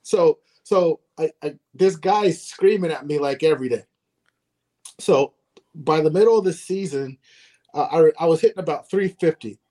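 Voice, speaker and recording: A man's voice: on the high side, moderate pace, dark tone. A middle-aged man as an interview guest, telling stories earnestly with small chuckles and frequent "right?". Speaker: guest, former ballplayer. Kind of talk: casual interview storytelling.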